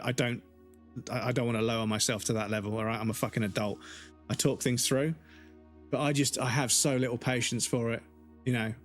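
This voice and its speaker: A male game streamer talks in an ordinary mid-pitched voice, ranting heatedly and swearing at nearly every turn. He keeps the casual, off-the-cuff flow of a live stream. Soft music plays faintly behind him. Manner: heated, profane, swears constantly.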